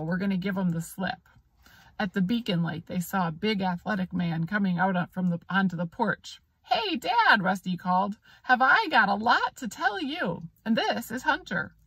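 A woman's voice: mid-range voice, fairly bright tone, husky. A woman reading a children's story aloud, giving the characters light voices of their own, with occasional small slips. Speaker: audiobook reader.

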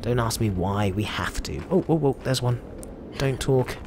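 A man's voice: medium pitch, animated, moderate pace, over music. A man with an Australian accent giving chatty, jokey commentary over his own gameplay. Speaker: gameplay video host.

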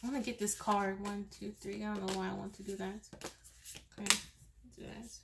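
A woman's voice: mid-range voice, level tone, moderate pace, creaky, very noisy. A woman giving a pick-a-card tarot reading, speaking directly to the viewer in a chatty way, repeating herself, restarting sentences and laughing often. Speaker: tarot reader.

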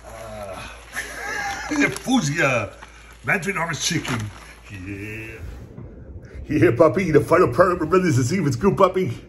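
A man filming a casual cooking and tasting vlog on his phone in a home kitchen. He is excitable and laughs often, and keeps calling his viewers brothers and puppy. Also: on the high side, unhurried, pauses often. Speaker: food vlogger. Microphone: phone camera. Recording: noisy kitchen with frying. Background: food frying.

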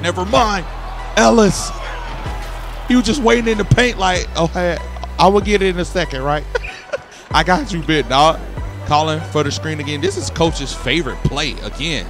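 A young man giving excited, slangy commentary over his basketball video game, hollering at big plays. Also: on the high side. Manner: casual slangy talk. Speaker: gaming YouTuber. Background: game music.

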